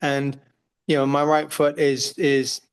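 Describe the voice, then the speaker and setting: A man's voice: fairly high pitch, little pitch movement, takes it slowly, clean tone. A man in his fifties, a guest, telling long rambling stories and acting out what others said. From Canada. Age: 50s. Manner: rambling storyteller who acts out what others said. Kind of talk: casual conversation.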